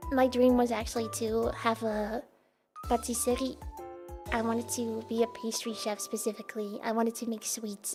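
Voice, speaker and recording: A young Dutch woman with a Dutch accent, a native Dutch speaker, chatting playfully with her live stream viewers and giggling often. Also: high-pitched. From Netherlands. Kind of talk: casual chat with live viewers.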